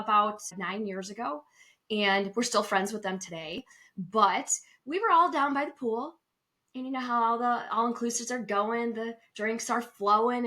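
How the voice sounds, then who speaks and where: A middle-aged woman co-hosting a travel podcast, chatting casually and telling a lively personal story. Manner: lively storyteller, acts out quotes with big pitch jumps. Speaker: podcast co-host and travel advisor.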